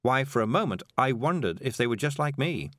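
A man's voice: mid-range voice, big pitch swings, fairly quick, a bit bright, dry recording, clean studio sound, voice pushed up. A man voicing a kindly middle-aged witch woman, cheerful and rambling in a soothing manner, in an audiobook. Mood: reminiscing.

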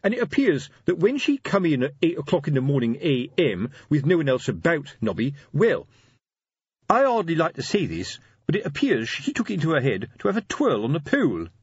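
A man's voice: a little high, wildly swooping pitch, brisk, husky, no echo, highs cut off, voice pushed up, exaggerated voice. A man voicing a pompous, lecturing middle-aged police sergeant who talks in a fussy, hesitant way.

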